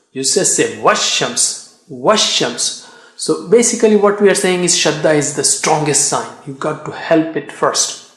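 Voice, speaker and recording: A man's voice: on the high side, reverberant. A man teaching a tajweed lesson in a patient way, drilling syllables again and again with emphasis. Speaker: Quran recitation teacher.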